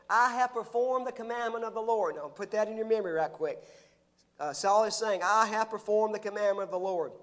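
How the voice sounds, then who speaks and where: A male pastor preaching a sermon, reading scripture aloud and explaining it in a conversational way. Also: sits high.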